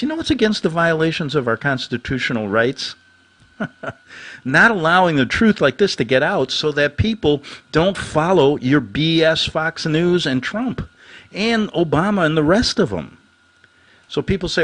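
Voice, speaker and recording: A man hosting his own talk show, ranting with a lively, swooping pitch. He is sarcastic and jumps from loud outbursts to low mutters. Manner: animated, sarcastic, quick swings between shouting and muttering. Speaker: host.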